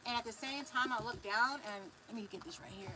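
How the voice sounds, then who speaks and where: Humming, animated Californian woman giving a reading. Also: fairly high pitch, fairly quick, a little hiss or hum, rough recording. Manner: animated, drawls words, hums and affirms. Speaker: spiritual reader. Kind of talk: live psychic reading.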